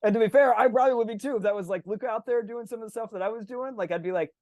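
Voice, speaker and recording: Brief: male podcast co-host, rapid-fire, loose and profane, acts out voices, dry close mic. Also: high-pitched, dry recording. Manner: animated, swears freely, acts out players' voices. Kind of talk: casual podcast chat.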